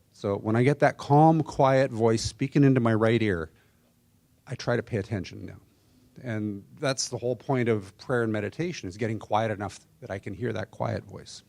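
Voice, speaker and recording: A man's voice: mid-range voice, normal speed, a little mellow. A man sharing candidly at a recovery workshop, wry and plain-spoken, speaking into a passed handheld mic. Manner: candid, wry, mimics a nagging inner voice. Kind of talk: personal sharing at a recovery meeting.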